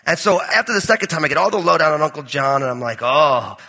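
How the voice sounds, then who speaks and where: A high, bright male pastor from New with a husky edge, preaching in a conversational, joking storyteller's manner. His voice rings out with a long reverb in a large church hall. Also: animated, racing. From New Jersey. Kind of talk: sermon with personal storytelling.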